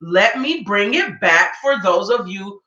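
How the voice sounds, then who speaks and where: A woman's voice: medium pitch, animated, unhurried, pushed and bright, dull audio. A woman giving a reaction commentary rant, emphatic and informal, firing off rhetorical questions. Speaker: political commentator. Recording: roomy echo.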